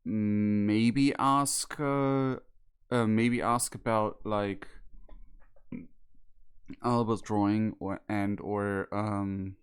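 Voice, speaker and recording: Slow, hesitant man playing a tabletop game. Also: on the low side, level tone, clean tone. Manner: hesitant, many fillers and restarts. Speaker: player. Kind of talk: describing a character's actions in a tabletop game.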